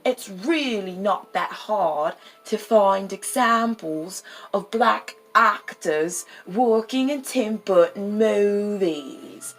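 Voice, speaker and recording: A woman's voice: mid-range voice, animated, slow pace, few pauses, faint music behind, low-quality recording. A woman voicing a snooty male British online commenter in a put-on British accent, drawn out and scornful.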